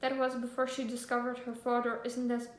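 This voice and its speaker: A woman's voice: fairly high pitch, monotone, a little fast, a little hiss or hum. Gushing young woman, echoey room. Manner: gushing, giggly, full of fillers. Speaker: book vlogger. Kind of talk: casual book haul chat with read-aloud synopses. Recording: echoey room, faint ambience.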